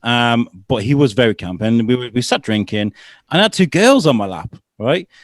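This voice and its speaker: A man's voice: medium pitch, normal speed, no room sound. Guy on a podcast, dry close sound, jumps into funny voices mid story. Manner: animated storyteller, acts out quotes. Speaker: podcast co-host. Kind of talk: casual chat.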